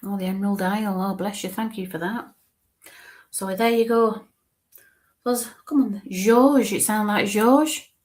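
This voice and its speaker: A woman giving a live mediumship reading. She speaks haltingly and repeats herself, stretches names out slowly and sometimes murmurs asides under her breath. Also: medium pitch, fairly even intonation, a little mellow. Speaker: spiritualist medium.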